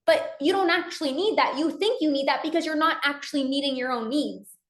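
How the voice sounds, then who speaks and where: A woman's voice: sits high, brisk, a bit bright, echoey room. A woman coach giving a casual motivational talk, speaking earnestly and acting out inner dialogue. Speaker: binge eating coach.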